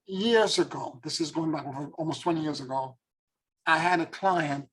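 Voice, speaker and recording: A man's voice: fairly high pitch, moderate pace, a bit bright, slightly rough, rough recording. A man, a spiritual teacher and former tarot reader, telling a story in an earnest, reflective and emotional way.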